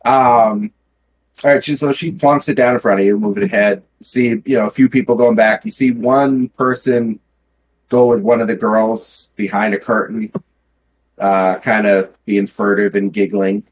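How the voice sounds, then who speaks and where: A man narrating a tabletop game as game master, relaxed and chatty with many fillers. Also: on the low side, normal speed, a little hiss or hum, rough recording.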